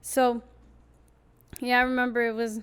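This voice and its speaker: A woman's voice: on the high side, little pitch movement, measured pace, smooth. Chatty young woman podcast host. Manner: chatty storyteller, acts out quoted voices. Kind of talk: casual podcast conversation.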